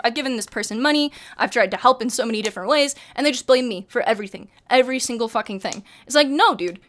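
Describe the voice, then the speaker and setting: A woman's voice: sits high, a bit bright. A woman in her twenties venting to her stream chat, heated and emphatic, swearing often. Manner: heated, profane, emphatic ranting.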